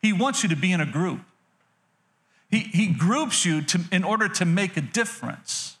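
A man's voice: high-pitched, expressive, moderate pace, a bit bright. A male pastor giving a sermon in an emphatic, repetitive preaching manner with frequent restarts.

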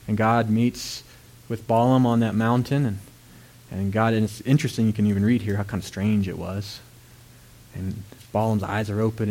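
A man preaching a sermon, retelling a story with lively, dramatic voices for its characters. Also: medium pitch. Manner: animated storytelling, acts out characters with loud outbursts.

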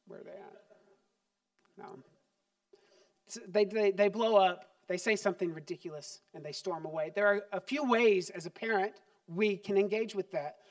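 A man preaching a sermon as pastor, animated and acting out little scenes. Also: high voice, normal speed. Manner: animated, acts out parent and child voices.

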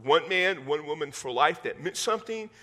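Bright-voiced pastor in his fifties. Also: fairly high pitch, lively intonation, normal speed. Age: 50s. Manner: folksy, repeats words when restarting, jokes with the congregation. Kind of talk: sermon.

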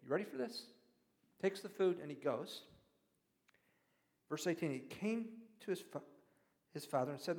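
A male pastor giving a sermon, reading verses and then putting pointed questions to the listeners, going from hushed asides to loud emphatic preaching. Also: high-pitched, very animated, normal speed, pauses often. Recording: reverberant hall.

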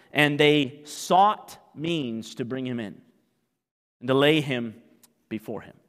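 A man from Canada preaching a sermon as pastor, swinging from quiet asides to loud, acted-out exclamations. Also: medium pitch. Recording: long reverb of a large hall.

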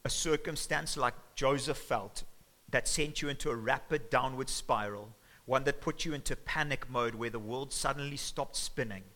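Bright-voiced preacher telling a story. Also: male voice, mid-range voice, moderate pace, poor audio. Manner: animated, conversational storytelling. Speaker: pastor. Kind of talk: sermon. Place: church.

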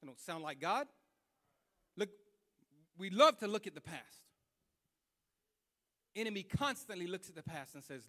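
A man preaching a sermon, impassioned and colloquial, repeating phrases as he builds to loud fervor. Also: high voice, big pitch swings, a little slow, long pauses. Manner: colloquial, with slips and restarts.

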